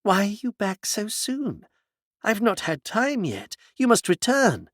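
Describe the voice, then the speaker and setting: A man reading aloud, voicing a proud, composed woman who speaks with gentle reproach and cool courtesy. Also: fairly high pitch, huge pitch swings, moderate pace, no room sound, studio quality, exaggerated voice. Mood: reproachful.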